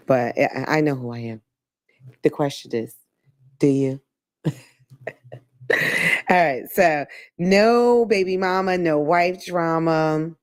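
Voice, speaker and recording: Blunt, low-voiced woman host. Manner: blunt, profane, laughing, lively. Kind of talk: casual advice talk.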